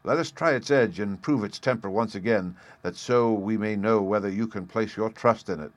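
A man's voice: on the low side, normal speed, no echo, natural voice. A man voicing a confident young prince apprentice in a storybook reading.

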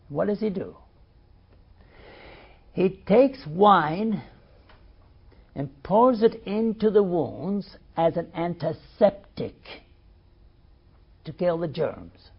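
A man preaching a sermon, swinging between loud emphasis and quiet asides. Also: a little high, gravelly, slightly rough, dull audio.

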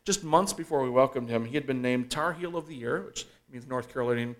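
A man with a mid-range voice reads out a prepared introduction for a guest speaker at an event. He stumbles now and then on small fillers but keeps his delivery steady. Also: medium pitch, a little fast.

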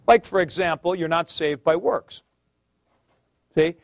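In a clean, dry studio recording with no room sound, a man with a fairly high voice delivers a classroom lecture at an unhurried pace. He explains things patiently, calls on students by name, and thinks aloud, full of fillers and restarts.

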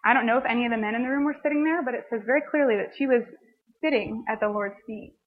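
A woman teaching a Bible passage in a relaxed, conversational way, often dropping in "like" as she talks to a group of students. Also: on the high side, quick pace. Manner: conversational, frequent "like" asides. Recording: band-limited phone-like sound.

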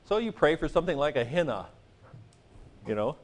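A man's voice: a little high, sing-song, fairly quick. A man lecturing a class on grammar, joking and playful, now and then singing vowel sounds to make a rule stick. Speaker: Greek teacher.

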